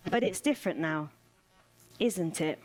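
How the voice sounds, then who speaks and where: A woman delivering a spoken word performance in a measured, rhythmic way, returning to repeated refrains. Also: fairly low pitch, expressive, darkish tone. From United Kingdom.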